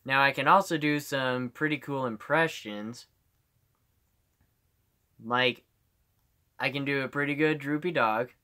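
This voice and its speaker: A man's voice: mid-range voice, steady tone, measured pace, long pauses, sharp tone, clear, resonant tone. A male streamer chatting casually on a live stream, rambling and giggling, with lots of "like".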